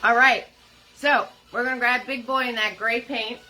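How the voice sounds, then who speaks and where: A woman with a New Jersey accent who drops her R's, leading a live painting class, chatty and quick to laugh as she greets viewers by name. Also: on the high side, steady tone, bright, forceful tone, soft background music, low-quality recording. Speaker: painting instructor.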